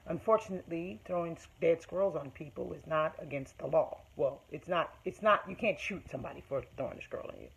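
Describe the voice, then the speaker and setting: A woman's voice: sits low, fast talker, creaky, hardly any pauses, husky, rough recording. A woman vlogger telling a personal story straight to her viewers, emphatic and repeating phrases as she makes her point. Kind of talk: storytime monologue to camera.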